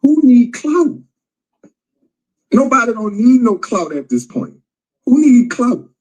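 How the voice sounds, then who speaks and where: A man's voice: very high voice, sing-song, takes it slowly, a little mellow, rough recording. A man in a played clip ranting heatedly and profanely, repeating himself. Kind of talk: casual rant in a clip.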